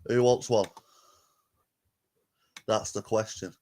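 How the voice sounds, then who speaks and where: A man's voice: on the low side, steady tone, takes it slowly, darkish tone. A man hosting a reaction stream, casually commenting on clips and talking to his viewers. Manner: chatty, addresses viewers as "people".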